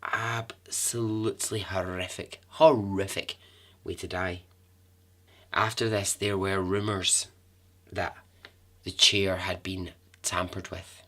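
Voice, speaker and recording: A man's voice: low voice, flat delivery, takes it slowly, long pauses, pushed and bright. A man hosting a podcast, telling a true-crime story in a chatty way with asides and the odd swear word. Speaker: podcast host.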